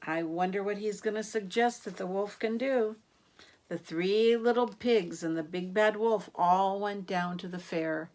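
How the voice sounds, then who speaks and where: Slow, gentle woman reading a storybook. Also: medium pitch. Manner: gentle, asks the listener questions. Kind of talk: read-aloud storytelling.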